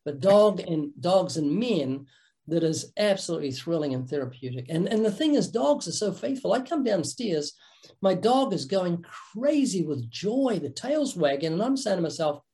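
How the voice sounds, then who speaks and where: An older man with a notably high voice talks in a lively, joking way. He tells vivid stories in an interview. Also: moderate pace. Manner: playful, joking, with vivid anecdotes. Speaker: podcast guest, evangelist. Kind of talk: animated storytelling conversation.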